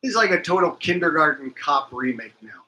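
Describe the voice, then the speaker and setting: A man's voice: fairly high pitch, expressive, a little fast, sharp tone, poor audio. A man hosting a livestream, chatting loosely and reading out comments from viewers. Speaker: livestream host.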